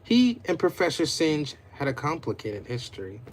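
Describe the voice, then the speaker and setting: A man's voice: on the high side, very animated, normal speed. A man reading his own homemade adventure story aloud in a casual, unpolished way.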